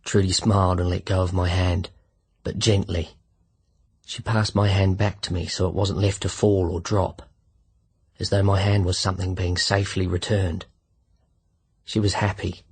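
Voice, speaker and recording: A man narrating a literary short story in the first person, measured and reflective. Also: low-pitched, level tone, slightly rough. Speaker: audiobook narrator.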